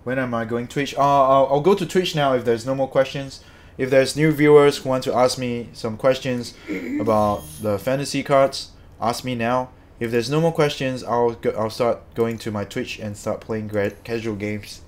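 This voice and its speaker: Furious and cursing, this male streamer delivers ranting game commentary to his chat, saying the same things over and over. He speaks at a moderate pace in a mid-range voice with fairly even intonation.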